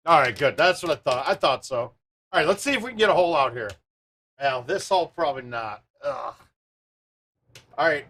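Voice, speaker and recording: A man hosting a live stream, chatting casually with viewers and thinking out loud as he plays a golf game. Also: on the high side.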